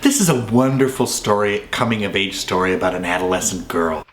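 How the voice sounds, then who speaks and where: Brief: talkative male movie-review host, lowish voice, in a roomy echoing space. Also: fairly quick, a little hiss or hum. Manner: chatty, enthusiastic, rambling asides. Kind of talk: casual film commentary. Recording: roomy echo, faint ambience.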